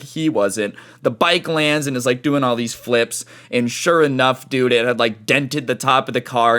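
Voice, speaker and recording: A man telling a personal story in casual slang, full of "dude" and "like", with lively swings in pitch. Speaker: storytime YouTuber.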